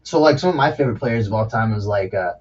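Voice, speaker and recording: A podcast host chats casually, his fairly low voice animated and quick as he swears loosely and laughs often. The recording sounds dull and lo-fi.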